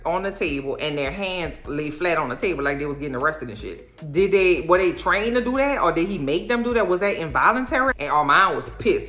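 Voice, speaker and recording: A woman from New Orleans with a New Orleans accent, recapping a TV episode in a sassy, animated, chatty way. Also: deep voice, roomy sound. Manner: sassy, animated storytelling with playful impressions. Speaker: recap vlogger.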